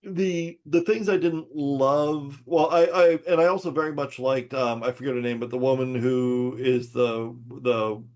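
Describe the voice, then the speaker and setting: A man's voice: medium pitch, steady tone, measured pace, few pauses, a little mellow. Man chatting hesitantly about a movie. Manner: hesitant, many fillers and restarts, agreeable. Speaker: podcast co-host. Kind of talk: casual movie chat.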